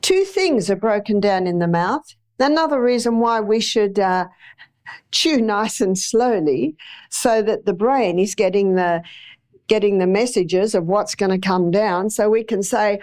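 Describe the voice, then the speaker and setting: A woman's voice: mid-range voice, measured pace, a little mellow. A middle-aged woman giving a chatty health lecture to a live audience, with homely anecdotes and acted-out examples.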